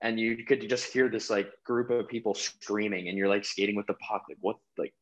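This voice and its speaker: A man's voice: on the low side, little pitch movement, brisk. A young man, a pro hockey player, chatting as a guest on a remote call, rambling with lots of "like" fillers. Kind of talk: casual interview chat.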